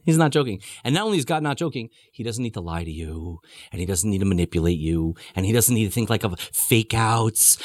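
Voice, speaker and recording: A man's voice: lowish voice, expressive, fairly quick, darkish tone, dry recording. A man teaching a scripture class in an emphatic way, with rhetorical questions and playful asides. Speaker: religious teacher.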